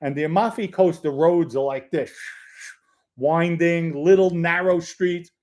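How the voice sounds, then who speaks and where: A man's voice: on the high side, steady tone, unhurried, a little mellow. A middle-aged man hosting a livestream, reading viewer comments aloud, joking with chatters and rambling through stories. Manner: rambling anecdotal storytelling. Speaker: livestream host. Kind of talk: casual livestream chat.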